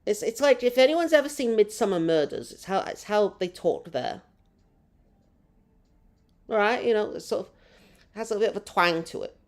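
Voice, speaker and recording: A woman's voice: mid-range voice, animated, moderate pace, pauses often. A woman hosting a live gameplay stream, chatting with her audience in a rambling, self-mocking way. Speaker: gaming streamer.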